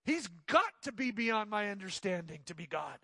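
Male pastor, higher voice, dry close sound, animated sermon storyteller who acts out quotes. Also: normal speed, creaky, dry recording. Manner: drops to soft pleading tones.

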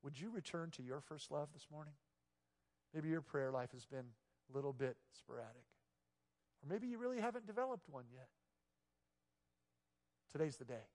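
A male pastor preaching a sermon, moving between hushed, intimate passages and loud, emphatic exclamations. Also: medium pitch. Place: church sanctuary. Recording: long reverb of a large church hall.

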